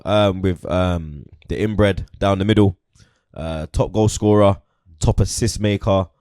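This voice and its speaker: A young male host talks football casually and slangily, working "you get me" and "blood" into nearly every sentence. His voice is fairly low, and the sound is close and dry, with almost no room and no echo.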